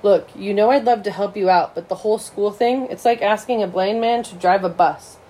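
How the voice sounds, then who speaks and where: A woman's voice: medium pitch, a little fast, dark tone, slightly rough, natural voice, poor audio. A woman voicing an easygoing teenage brother who teases his little sister. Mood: teasing. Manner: easygoing, teasing. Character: teenage brother, joking mechanic type.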